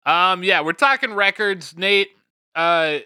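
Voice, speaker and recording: A man's voice: sits high, measured pace, bright, forceful tone, smooth, no room sound, studio quality. A man co-hosting a comedy podcast, chatting casually and laughing often as he jokes around. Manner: laughs often, jokey and playful. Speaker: podcast co-host. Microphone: studio podcast mic.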